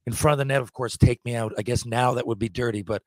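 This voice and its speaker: A man's voice: mid-range voice, steady tone, fast, a little mellow, no room sound. A man in his forties, a podcast guest, telling rambling, profanity-laced anecdotes in a casual way. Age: 40s. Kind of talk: casual storytelling.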